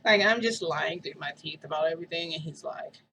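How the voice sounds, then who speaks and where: A woman's voice: deep voice, brisk, pushed and bright, a little hiss or hum, low-quality recording. A woman vlogger telling a personal story in a casual, rambling way, filling her sentences with "like". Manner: rambling, heavy use of "like" fillers.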